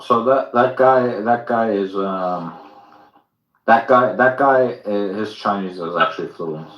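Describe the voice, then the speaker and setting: A man explaining in a measured, hedging way in casual podcast chat. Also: on the low side, reverberant, recorded from a distance, dull audio.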